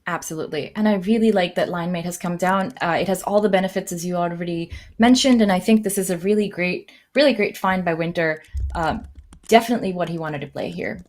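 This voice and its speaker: Woman commentating a tournament game live, chatty and thinking out loud, lots of ums, voice jumping up when excited. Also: on the low side, a little fast. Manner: lively, thinking aloud with frequent fillers.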